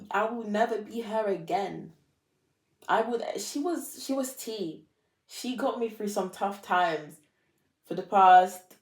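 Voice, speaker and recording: A woman's voice: medium pitch, darkish tone, echoey room. A young woman talking to camera in a dramatic, self-mocking confessional monologue, repeating lines for effect. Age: young adult. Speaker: vlogger.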